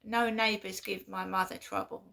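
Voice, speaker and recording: A woman vlogging in a casual monologue, halting and repeating herself with an aggrieved tone. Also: mid-range voice, little pitch movement, gravelly, bright, forceful tone.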